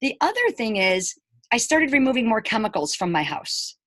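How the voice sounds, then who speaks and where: A slightly high-voiced woman in her 40s, who teaches elementary school, talks at a moderate pace with no echo. Casually recounting her own experience to camera, she stays chatty, replays scenes through quoted dialogue, and adds emphatic, animated remarks to viewers.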